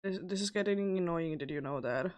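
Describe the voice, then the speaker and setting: A woman game streamer chatting casually and gently scolding her cat, her voice a little lower and rougher than usual. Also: brisk, no room sound, muffled recording. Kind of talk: casual live-stream chat.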